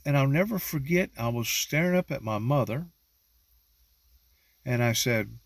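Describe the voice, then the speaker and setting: A middle-aged man, slowly telling a personal religious testimony with emphatic rising peaks. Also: mid-range voice, no room sound. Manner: slow, drawn-out storytelling with rising emphatic peaks.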